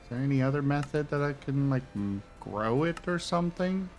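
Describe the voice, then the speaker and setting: A man's voice: medium pitch, expressive, brisk, soft background music. A man streaming a game, casually muttering and musing to himself as he plays. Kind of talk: casual gameplay commentary.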